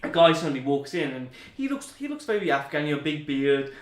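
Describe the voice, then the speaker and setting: A man's voice: on the high side, big pitch swings, brisk. A young man chatting as an interview guest, telling rambling anecdotes and often laughing at them. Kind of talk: casual storytelling. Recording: roomy, distant mic.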